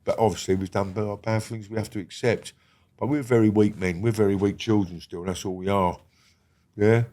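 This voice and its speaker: Middle-aged bloke on a podcast, lowish voice, blunt and sweary, goes quiet a lot. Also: male voice, fairly even intonation, moderate pace. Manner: blunt and heavy on swearing, drops to a low murmur. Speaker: guest. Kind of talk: casual podcast interview.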